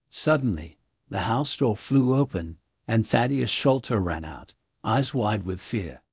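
A man reading a classic story aloud as scripted narration for English learners, in a clear, even way. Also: lowish voice, a little slow, no room sound, clean studio sound.

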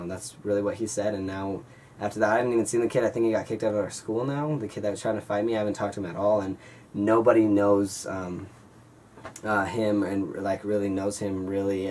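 A man's voice: lowish voice, slight background noise. A young man in his late teens telling a story from his school days in a casual vlog, rambling and swearing. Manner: rambling, swearing, excited retelling. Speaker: vlogger.

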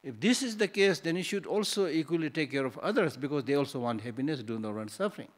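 A man's voice: on the high side, animated, fast talker. A male Buddhist teacher giving a dharma talk in a hall, conversational and teasing, full of rhetorical questions.

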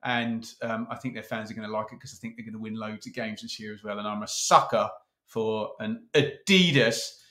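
A man's voice: on the low side, bright, forceful tone, roomy sound. Teasing man hosting a kit ranking. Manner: playful, teasing, brisk. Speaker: host. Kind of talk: casual chat ranking football kits.

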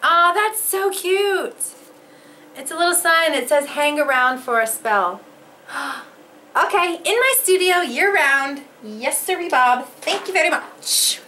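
A woman's voice: high-pitched, lively intonation, slow pace, bright, forceful tone, a little hiss or hum, low-quality recording. A young woman vlogger chatting casually as she opens fan mail, gushing and exclaiming over each gift. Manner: gushing, gasping and exclaiming, laughs often. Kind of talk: casual unboxing chat. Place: home craft studio.

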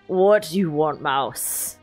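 A woman voicing a drunk, gruff male innkeeper who is bitter and weary, in a slow, slurred put-on voice. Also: deep voice, a little mellow, soft background music, pitched below the performer's own voice. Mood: surly.

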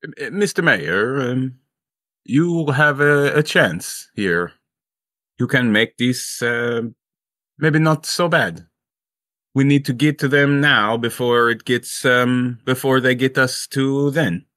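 A man voicing a mysterious male seer who talks hesitantly, pausing often mid-sentence. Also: mid-range voice, a bit bright, dry recording, studio quality, pitched above the performer's own voice. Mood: urgent. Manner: hesitant, full of pauses and "um".

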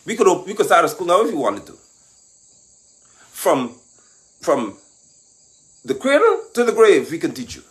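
A man giving an impassioned, mocking political monologue that rises at times to shouting. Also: high voice, sing-song, normal speed, pauses often. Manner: mocking, lecturing, rising to shouts. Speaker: political commentator.

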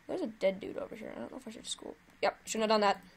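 A woman hosting her own gaming video, giving chatty, excitable live commentary while she plays and cheering at her wins. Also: mid-range voice, fast talker, vocal fry, a little hiss or hum.

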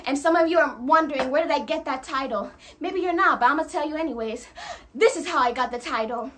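A woman's voice: high-pitched, fast, a bit bright, slight background noise. A young woman preaching a fervent sermon, trading calls and responses with the congregation and breaking into tongues.

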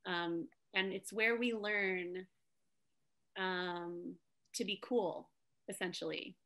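Bright-voiced, encouraging woman coach. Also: fairly low pitch, steady tone, slow pace. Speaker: guest speaker, improv coach. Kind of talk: casual video-call talk.

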